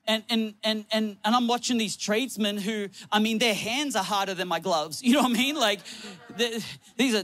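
A man preaching a sermon on a church stage, animated and laughing often, acting out little quotes from people. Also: high voice, dry recording. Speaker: pastor.

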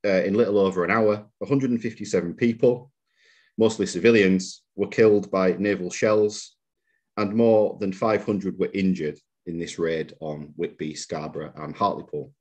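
A man giving a public history lecture as a museum lecturer, measured and reading out quotations with occasional fillers. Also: low-pitched, fairly even intonation, darkish tone. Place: lecture room.

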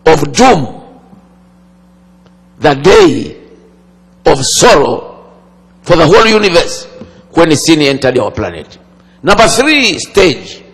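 A man preaches in a high, gravelly voice, taking his time with long pauses. He swings from loud declarations to hushed phrases. His words ring out with a long reverb through a large hall. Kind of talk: sermon.

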